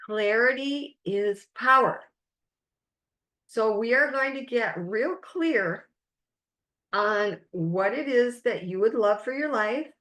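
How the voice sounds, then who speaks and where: A woman life coach leading a webinar masterclass, speaking in slow, emphatic, drawn-out phrases. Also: fairly high pitch, a bit bright, echoey room.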